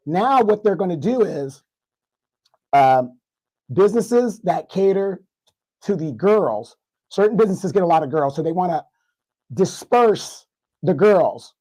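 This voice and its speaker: A man with a congested, hoarse voice, guesting on a livestream discussion and ranting in mock outrage. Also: high voice, lively intonation, a little slow, pauses often, mellow, rough recording. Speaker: guest commentator.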